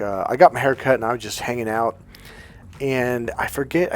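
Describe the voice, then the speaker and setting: A man, a life coach, telling a story to his viewers in a rambling, chatty way full of fillers and restarts. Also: lowish voice. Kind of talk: casual storytelling monologue to viewers.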